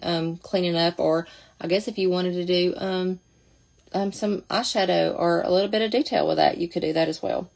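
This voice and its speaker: A woman's voice: fairly low pitch, creaky, darkish tone. A woman talking casually through a makeup demonstration, chatty and thinking aloud as she goes. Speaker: makeup seller demonstrating products.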